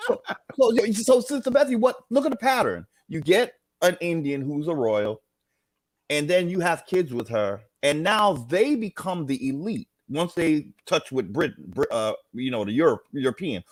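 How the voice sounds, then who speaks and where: Lively man rambling through his point. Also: on the high side, moderate pace, no room sound. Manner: agreeable, rambling, searching for words. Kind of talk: casual chat.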